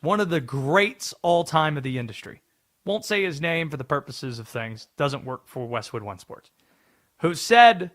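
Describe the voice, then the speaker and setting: A man's voice: a little high, fairly bright tone. A man from North Carolina hosting sports talk radio, chatty and wry as he explains the bit.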